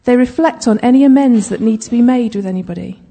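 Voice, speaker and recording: A woman leads a Bible study in a relaxed, chatty way, checking in with her listeners and slipping in light asides. Her voice sits a little high but sounds mellow, with a soft husky edge. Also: fast talker. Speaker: Bible teacher. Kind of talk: conversational Bible teaching.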